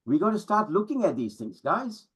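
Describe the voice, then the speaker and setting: Middle-aged man, business coach, emphatic preacher-like delivery, husky and slightly high-pitched. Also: very animated, normal speed, low-quality recording. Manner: emphatic, preacher-like, with rhetorical questions. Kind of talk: motivational talk to an audience.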